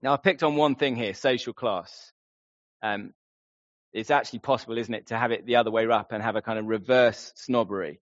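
A man's voice: medium pitch, fairly quick, dry recording. A man preaching a sermon in an earnest way, often putting questions straight to his listeners. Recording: slightly dull lo-fi sound.

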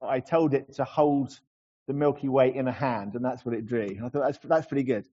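A middle-aged man preaching a sermon earnestly, slowing down to linger over key phrases. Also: medium pitch, fairly even intonation, warm tone, highs cut off. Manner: earnest, slows to savor phrases.

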